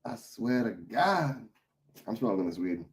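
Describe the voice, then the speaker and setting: A tired man talks to his livestream chat in a loose, rambling way, full of swearing and side stories. His voice sits a little low, and his stories run on and on. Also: very animated, unhurried. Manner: profane, loose, rambling storytelling.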